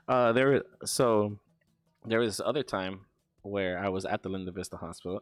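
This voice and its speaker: A low-pitched man tells a story in a loose, profane way, tripping over his own words and starting sentences over. His voice is close and dry, with faint music playing underneath. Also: sing-song, dry recording. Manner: profane, halting, many stammered restarts. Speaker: streamer. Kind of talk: casual storytelling while livestreaming.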